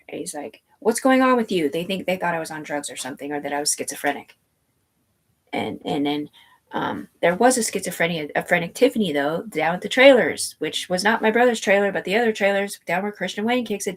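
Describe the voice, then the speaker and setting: A woman telling a long personal story in a rambling, tangential way, swearing freely and piling up fillers and asides. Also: on the low side. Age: adult.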